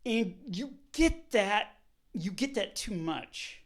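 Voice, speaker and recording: Animated man telling a story. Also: high-pitched, takes it slowly. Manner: animated, swearing, swings loud and soft, laughs often. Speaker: vlogger. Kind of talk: casual storytelling monologue.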